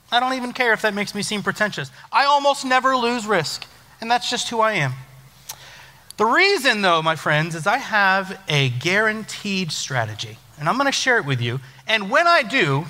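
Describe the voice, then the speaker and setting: High bright man preaching in an echoey hall. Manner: joking, self-deprecating, lively storytelling. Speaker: youth pastor. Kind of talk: casual sermon. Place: church hall. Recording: long church hall reverb.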